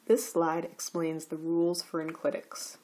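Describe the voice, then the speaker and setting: A woman walks through grammar rules in a recorded slide lecture. She talks slowly and carefully, with a slightly husky, breathy voice. Her pitch sits a little low. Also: monotone, dark tone. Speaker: teacher.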